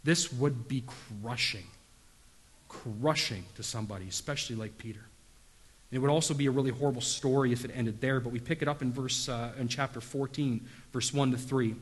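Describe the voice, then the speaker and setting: A man's voice: mid-range voice, a little fast, breathy edge. A man preaching a sermon, telling stories casually with lots of fillers and self-deprecating humor. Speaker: pastor. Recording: long hall reverb.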